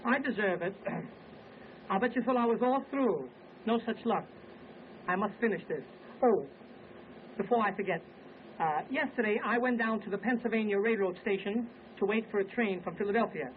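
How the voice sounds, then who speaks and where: Brief: male vaudeville comic, high voice, snappy joke patter, tinny 1920s record over an orchestra. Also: slight background noise. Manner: wisecracking, brisk joke-telling patter. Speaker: comedian and singer. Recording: tinny early acoustic record with band. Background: orchestra music.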